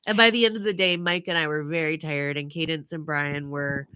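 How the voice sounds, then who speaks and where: A low-voiced woman co-hosts a casual podcast at a brisk pace, telling family stories with animation, mimicking her relatives' voices and laughing often. Slight background noise can be heard.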